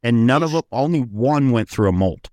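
A man's voice: medium pitch, expressive, normal speed, a little mellow, dry recording. A man hosting a podcast, telling loose, profane stories in casual chat. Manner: rambling, profane storytelling. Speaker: podcast host.

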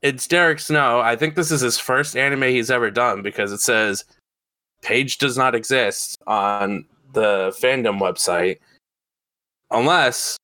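A man co-hosting a podcast in casual chat, excitable and rambling, swearing freely. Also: mid-range voice, measured pace, no echo. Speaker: podcast co-host.

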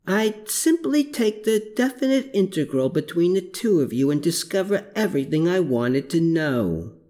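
A narrator voicing a clever, wry woman, pitched above their own voice. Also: very animated, normal speed, warm tone, lightly acted.

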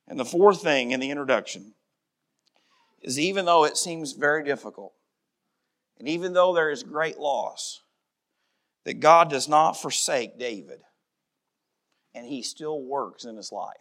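A middle-aged man preaching a sermon as pastor, emphatic, dropping to a soft voice in prayer. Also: a little high, expressive, a little slow, pauses often.

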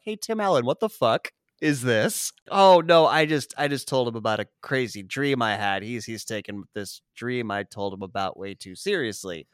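Lively, animated man recapping a movie. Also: medium pitch, no room sound, studio quality. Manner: animated, swearing, acts out characters in quick voices. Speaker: podcast host recapping a movie. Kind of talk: casual comedic chat.

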